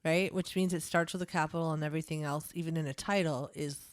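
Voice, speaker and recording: A woman's voice: deep voice, steady tone, fast talker, no echo, studio quality. A middle-aged woman co-hosting a podcast in casual chat, playful and laughing often. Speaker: podcast co-host.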